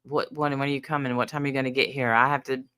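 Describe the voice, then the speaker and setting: A woman's voice: extremely low pitch, steady tone, very fast, fairly bright tone, clear, resonant tone, no room sound. A woman in her fifties co-hosting a casual chat, telling family stories in a frank, wry way. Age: 50s.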